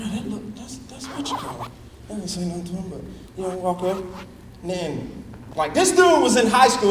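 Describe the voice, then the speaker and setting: A young man doing stand-up, telling stories and acting out the people in them in shifting voices. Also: high voice. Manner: animated, acts out characters in shifting voices. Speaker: stand-up comedian. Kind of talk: stand-up storytelling. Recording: roomy hall, mic at a distance.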